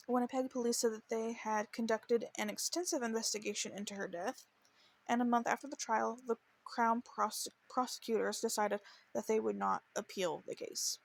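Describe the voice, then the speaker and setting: A woman with a somewhat high voice and vocal fry hosts a true crime podcast. She tells the case earnestly and emotionally, stumbling and restarting as she reads quotes.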